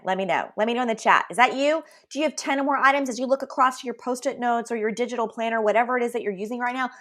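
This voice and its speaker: A middle-aged woman with a fairly high voice hosts a live motivational talk for leaders. She is upbeat and emphatic, and keeps asking her viewers "right?" as she talks straight to them. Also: fairly bright tone. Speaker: leadership coach and host.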